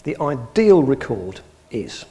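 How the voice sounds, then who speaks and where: Lively English man telling funny stories. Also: medium pitch, takes it slowly. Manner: dry humorous storyteller, acts out dialogue. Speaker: guest speaker, antiques expert. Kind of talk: anecdotal talk to a live audience. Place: public hall.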